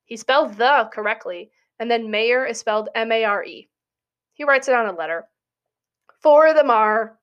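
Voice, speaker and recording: A woman's voice: on the high side, brisk, highs cut off. A young adult woman, a college student, talking through a casual spoken essay in a chatty, giggly way full of "like" fillers. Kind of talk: casual monologue.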